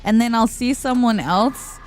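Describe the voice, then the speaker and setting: Woman streamer, slightly high voice, slow unhurried chat, laughs a lot, greets viewers. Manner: chatty, laughs often, reads chat aloud. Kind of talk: casual live-stream chat while gaming.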